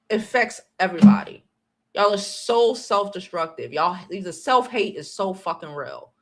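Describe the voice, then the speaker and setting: A woman from the United States hosting her own channel, ranting on a livestream in a blunt, profane, confrontational way, swinging between loud outbursts and low muttering. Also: lively intonation, moderate pace. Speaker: channel host. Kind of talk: livestream commentary rant.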